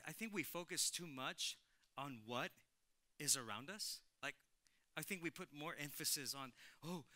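Animated high-voiced male pastor preaching. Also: no room sound. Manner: animated, repeats phrases, talks to the congregation. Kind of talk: lively sermon. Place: church sanctuary.

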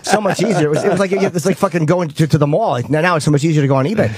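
A man's voice: a little high, over a noisy crowd. A man co-hosting a talk show in casual chat, speaking frankly and confessionally about himself. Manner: candid, confessional, rapid talk. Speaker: radio show host.

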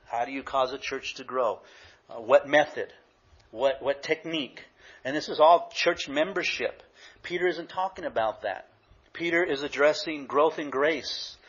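A man's voice: medium pitch, a bit bright, breathy edge, highs cut off. A man, an associate pastor, preaching a conversational sermon with anecdotes.

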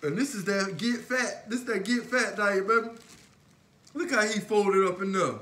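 A man's voice: sits high, moderate pace, a little hiss or hum. Playful man in an echoey kitchen. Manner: playful, teasing, loud bursts of laughter. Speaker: co-host of a couple's cooking show. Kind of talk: joking cooking demonstration. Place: home kitchen.

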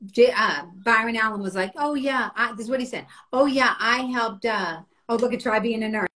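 A middle-aged woman comedian telling stories in casual podcast chat, animated and profane. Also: on the high side, fairly quick, rough recording. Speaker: comedian guest.

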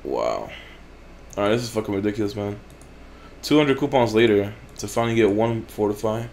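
A man's voice: lowish voice, animated, brisk, gravelly, darkish tone, a little hiss or hum. Profane, blunt gaming-channel man. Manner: profane, blunt, frequent swearing. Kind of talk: casual gameplay commentary.

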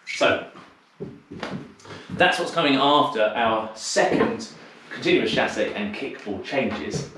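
A man's voice: mid-range voice, expressive, slow pace, long pauses. Man, dance teacher, counting steps aloud, slightly out of breath, far from the mic, echoey room, background noise. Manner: counts steps aloud in rhythm, chatty explanations between. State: a little out of breath. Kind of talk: teaching a live online dance class.

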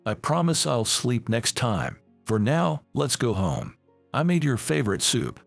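Man reading a calm, firm mother. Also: mid-range voice, a little slow, creaky, no room sound, faint music behind, full character voice. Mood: gentle. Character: calm, firm mother protecting her family.

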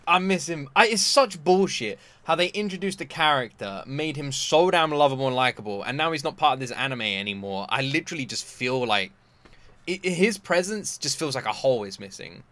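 A young man hosting an anime reaction, loud and exasperated, swearing often in casual commentary. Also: medium pitch, lively intonation, a little fast.

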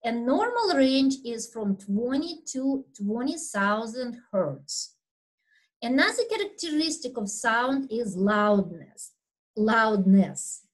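Slow, loud-spoken woman lecturing on anatomy. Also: a little high, poor audio. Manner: unhurried, explanatory, with fillers and throat clearing; talks loudly by habit. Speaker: anatomy instructor. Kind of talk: recorded video lecture.

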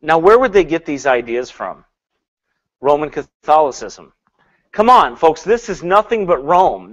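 A man preaching a sermon in an animated way, swinging between loud and hushed, laughing often and mocking with put-on quotes. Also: fairly high pitch, unhurried.

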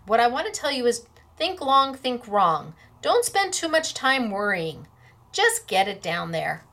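A woman's voice: a little high, very animated, measured pace, a bit bright. A woman hosting a crafting class, talking in a chatty, playful way while she demonstrates.

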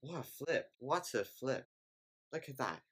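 A host giving casual, excitable reaction commentary on sports clips, often repeating exclamations. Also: medium pitch, a little slow, noisy background.

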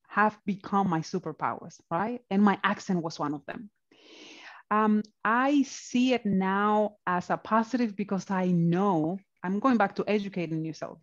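Woman guest speaker, encouraging, mid-pitched, dull lo-fi call audio. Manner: encouraging, often ends points with "right?". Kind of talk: motivational panel conversation.

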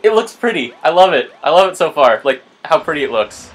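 A young man casually commenting on a video game he is playing, excitable and talking to his viewers. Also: fairly high pitch, fairly quick. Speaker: let's play gamer. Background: game music.

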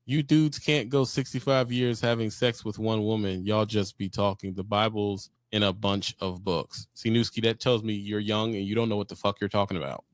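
A man's voice: on the low side, fairly even intonation, normal speed, few pauses, dry recording, studio quality. A man hosting a live talk stream, giving blunt, profane opinions in casual chat.

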